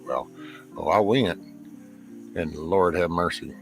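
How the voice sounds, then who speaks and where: Texan guy hosting a chill chat, real low voice, drawls and cuts words short, bit of music under it. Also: slow pace, gravelly. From Texas, USA. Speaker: host. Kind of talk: casual chat.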